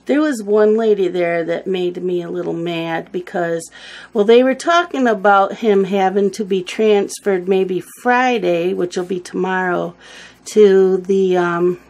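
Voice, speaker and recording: A woman's voice: mid-range voice, takes it slowly, a little mellow. A woman telling a rambling family story in casual chat while she colors, sometimes losing her words. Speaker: coloring video host.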